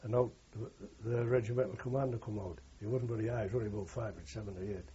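A man's voice: fairly low pitch, steady tone, fast, warm tone, highs cut off, a little hiss or hum. An older man, a war veteran, telling rambling anecdotal recollections in an interview. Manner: rambling anecdotal, frequent "you know" and "like". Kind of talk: oral history recollection.

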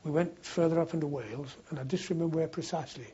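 An older veteran with a slightly raised, husky voice tells long, wandering anecdotes, restarting sentences as he goes. The sound is dull and lo-fi, like an archive tape. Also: fairly high pitch, fast talker, mellow. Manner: rambling anecdotal storytelling, frequent restarts. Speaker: war veteran interviewee. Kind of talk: oral history reminiscence.

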